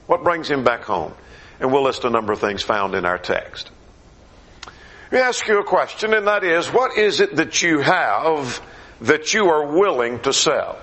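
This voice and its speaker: A man preaches a gospel meeting sermon conversationally, his questions rising in pitch while his phrases drop low at the end. His voice is a bit bright.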